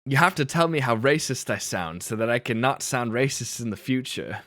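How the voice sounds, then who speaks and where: A man chatting loosely on his livestream, quick to laugh at himself and trailing off mid-thought. His voice sits at an ordinary middle pitch, and the sound is dry and close with no room around it. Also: lively intonation, a bit bright, no room sound. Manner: chatty, laughing, self-deprecating. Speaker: livestream host. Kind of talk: casual chat with chat.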